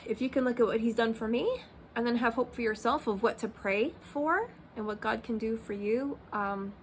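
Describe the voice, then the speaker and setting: A woman's voice: fairly high pitch, moderate pace, a little hiss or hum. A woman in her thirties talking candidly in a personal vlog, rambling with many fillers like "um" and "like". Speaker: Christian vlogger.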